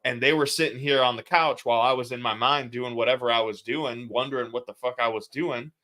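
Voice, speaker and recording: A man's voice: mid-range voice, steady tone, brisk, pushed and bright. A man in his thirties, a podcast guest, telling candid stories about sales and family in casual slang. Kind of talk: casual interview chat.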